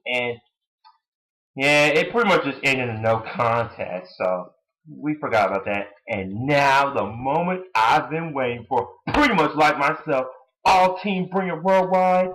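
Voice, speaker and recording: A man's voice: mid-range voice, a bit bright, low-quality recording. A young man giving a casual, blunt, opinionated review of a wrestling show, rambling with many fillers.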